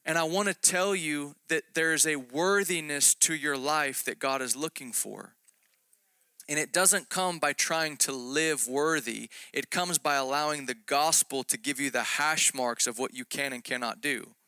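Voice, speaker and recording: A male preacher gives a relaxed, conversational sermon and pokes fun at himself as he tells his story. His voice is intense and forceful yet smooth and resonant. It is recorded close and dry, with no room sound. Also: on the high side, measured pace, no echo. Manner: self-deprecating storytelling with jokes.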